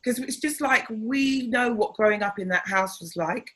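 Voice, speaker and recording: A middle-aged comedian guesting on an interview spins family tales in an easygoing, animated way, mimicking the voices of the people in them. Her voice is on the higher side and her pace is normal, on a low-quality recording.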